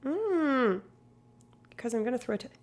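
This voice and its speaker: A woman's voice: high-pitched, big pitch swings, a little slow. A woman streamer in rambling, casual live-stream chat, swearing now and then.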